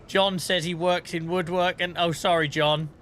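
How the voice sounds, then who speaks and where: This streamer, in his thirties, has a high-sitting, fairly bright voice with a level tone and moderate pace, and there's slight background noise. He chats casually while playing a farming game, telling stories and laughing and swearing a lot.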